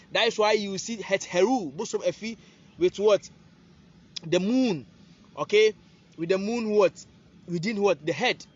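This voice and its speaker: Guy w a high voice teaching, keeps asking "what?", dull lo-fi phone sound. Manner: rhetorical questions, prompting "what?". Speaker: spiritual teacher. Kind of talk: casual teaching monologue.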